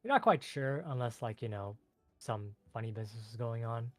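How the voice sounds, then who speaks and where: A man's voice: mid-range voice, expressive, normal speed, no room sound, faint music behind. Chatty man narrating as game master. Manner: loose and chatty, with fillers.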